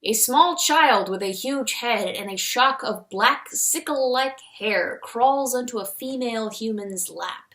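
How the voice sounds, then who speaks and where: A woman's voice: medium pitch, fairly bright tone. A woman who reads aloud her old fan fiction and mocks it in a wry, self-mocking way. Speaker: fanfiction author reviewing her own story. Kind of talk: comedic commentary and reading aloud.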